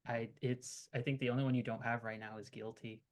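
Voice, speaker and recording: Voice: mid-range voice, level tone, brisk. A game master narrating a tabletop role-playing game in a chatty, teasing way with many fillers.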